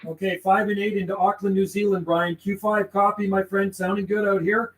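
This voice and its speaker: A man's voice: sits high, flat delivery, brisk. Friendly radio operator man, roomy sound. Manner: friendly, uses radio call signs and codes. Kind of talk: casual radio call and logging chat.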